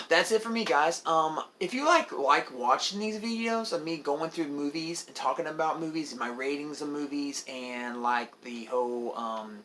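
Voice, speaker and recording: Rambling excitable young man reviewing movies. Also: medium pitch, slight background noise. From Oklahoma. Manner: rambling, excitable, swears, frequent fillers. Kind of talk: casual movie review vlog.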